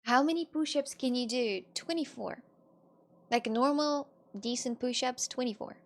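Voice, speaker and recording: A woman's voice: high-pitched, moderate pace. A young woman livestreaming, chatting casually with her viewers and often repeating herself. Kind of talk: casual chat with live viewers.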